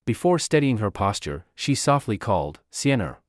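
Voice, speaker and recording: A man giving expressive scripted narration of a novel. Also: medium pitch, normal speed, dry recording, clean studio sound.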